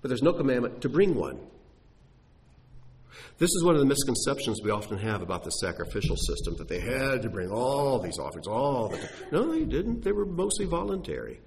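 A man's voice: mid-range voice, brisk, vocal fry, a little hiss or hum. A man preaching a sermon, teaching from scripture with emphatic rhetorical questions. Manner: animated, rising and falling with emphasis, rhetorical questions.

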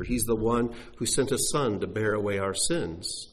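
Speaking at a moderate pace in a fairly low pitch, this preacher works through scripture in an animated sermon. Emphatic rhetorical questions punctuate his teaching, and his tone swells and drops to drive points home.

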